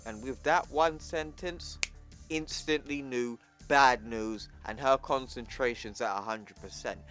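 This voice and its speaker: A man's voice: medium pitch, a little slow, fairly bright tone, faint music behind. A young man giving a casual, chatty comic recap in slangy talk, with asides to viewers. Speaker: YouTube comic reviewer.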